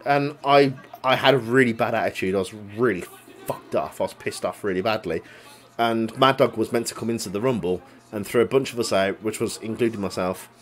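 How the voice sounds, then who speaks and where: A man's voice: lowish voice, a little fast, soft background music. Young man telling a story. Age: young adult. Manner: swears a lot, recounts a grudge; laughs while telling the story. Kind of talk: casual chat.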